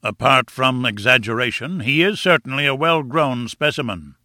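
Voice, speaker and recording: A man's voice: expressive, normal speed, bright, forceful tone, no room sound, clean studio sound. A man voicing a pompous, contemptuous older male professor who lectures in a triumphant, scornful way. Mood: lecturing. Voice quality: booming and scornful.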